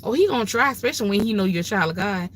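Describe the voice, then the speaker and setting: A woman's voice: medium pitch, expressive, very fast, a little hiss or hum. An older woman with grandchildren, hosting a livestream and giving emphatic, folksy, preachy advice in a casual way. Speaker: livestream host.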